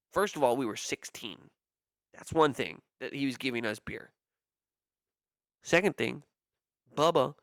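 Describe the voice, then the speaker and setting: A young streamer with a mid-range, creaky voice, captured in a dry, clean studio recording, tells stories in a casual livestream rant. He's profane and exasperated, mimicking the voices of the people he quotes.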